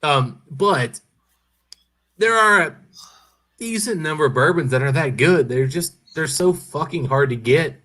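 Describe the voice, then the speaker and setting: A man's voice: fairly high pitch, measured pace. Man telling a whisky story. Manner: animated storyteller, swears freely. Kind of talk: casual chat, storytelling.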